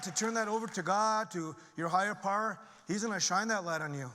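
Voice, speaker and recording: A man's voice: brisk, few pauses, pushed and bright, some chatter behind, a little hiss or hum. A middle-aged man giving an earnest, emphatic personal recovery testimony from a stage to a conference audience. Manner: earnest and emphatic, climbing in pitch and volume when stirred. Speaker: conference speaker. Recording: long reverb of a large hall.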